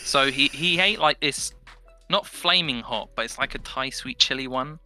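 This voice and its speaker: A young man with an English accent, a podcast guest telling stories in casual chat, animated and swearing freely. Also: medium pitch, moderate pace, faint music behind. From England.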